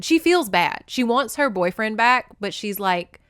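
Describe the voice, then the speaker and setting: A woman's voice: mid-range voice, big pitch swings, a little slow, vocal fry, few pauses, a bit bright, no room sound, clean studio sound. A woman hosting a podcast, giving an emotional casual recap of a novel and talking straight to her listeners. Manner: gushing and emotional, talks to listeners as y'all. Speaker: podcast host.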